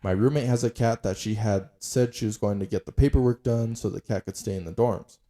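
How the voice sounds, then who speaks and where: A man's voice: fairly low pitch, brisk, mellow. A young man co-hosting a casual podcast, reading posts aloud in a laid-back way and laughing often. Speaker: podcast co-host.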